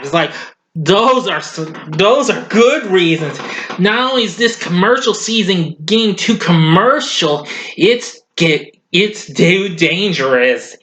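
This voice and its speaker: A man casually recapping a cartoon as a reviewer, chuckling often and acting out lines in a high voice. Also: lively intonation, takes it slowly, a bit bright.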